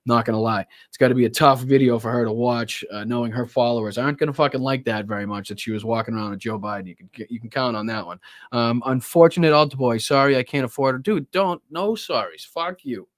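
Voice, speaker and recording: A man hosting a political livestream, talking casually and rambling with lots of swearing and quick apologies. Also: mid-range voice, steady tone, no room sound, clean studio sound. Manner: profane, rambling, apologetic asides. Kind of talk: casual live commentary.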